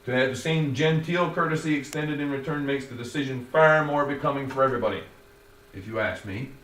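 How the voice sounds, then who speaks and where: A man reading his own first-person story in a wordy, formal, measured way. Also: mid-range voice, fairly bright tone. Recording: roomy, distant, faint noise.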